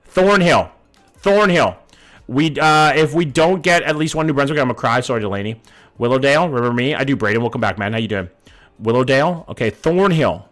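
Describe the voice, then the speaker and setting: A Vancouver man in his thirties does live-stream commentary, talking with chat and casually swearing as he guesses locations. His mid-range voice is expressive, brisk, and a bit bright, with faint music behind it.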